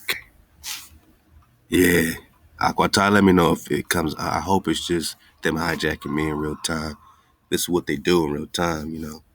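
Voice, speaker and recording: A man's voice: rumbling low, level tone, moderate pace, pauses often, a bit bright. A man hosting an online radio show, talking loosely and straight to his listeners with an exasperated, easygoing manner. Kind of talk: casual live-stream talk.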